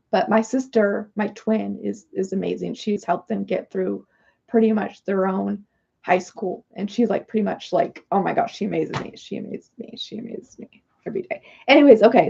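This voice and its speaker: A woman hosting a livestream who chats on in a rambling, apologetic way. Her voice is mellow and dark with a gravelly fry, and it comes through a somewhat dull, lo-fi recording. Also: mid-range voice. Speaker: livestream host doing oracle card readings. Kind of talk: casual livestream chat.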